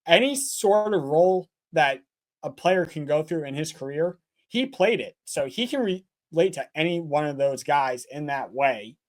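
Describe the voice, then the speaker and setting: A man's voice: on the high side, lively intonation, a little slow. A man co-hosting a sports podcast, earnestly driving home his points by repeating them. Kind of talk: casual sports talk.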